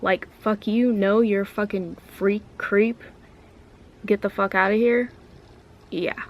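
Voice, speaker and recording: A woman's voice: medium pitch, steady tone, slow pace. A woman vlogger talking to camera in a casual, ranty way, blunt and full of swearing. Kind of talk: casual ranting vlog.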